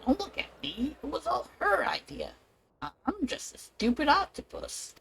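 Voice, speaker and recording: A woman's voice: wildly swooping pitch, normal speed, creaky, a bit bright, a little hiss or hum, full character voice. A woman voicing a cowardly male octopus who grovels and stammers to shift the blame onto someone else. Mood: groveling. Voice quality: high, pleading, stammering.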